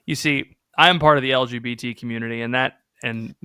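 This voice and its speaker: Young guy with a bright clear voice, jokey podcast banter, dry close mic. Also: medium pitch, fast talker, no room sound. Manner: joking, animated, laughs often. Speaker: podcast co-host. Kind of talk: casual comedic podcast chat.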